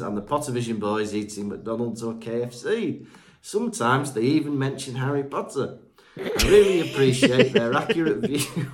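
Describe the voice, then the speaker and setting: A man's voice: mid-range voice, a little mellow. A man from Britain co-hosting a podcast, chatting casually and reading out listener reviews, joking and stumbling over names. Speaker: podcast co-host.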